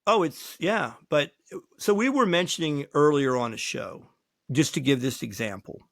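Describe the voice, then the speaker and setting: A man who is a lawyer, hosting a casual talk show and telling folksy, animated stories on a close mic. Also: fairly high pitch, moderate pace, vocal fry, dry recording. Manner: folksy, animated anecdotes with acted quotes. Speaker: lawyer and podcast host.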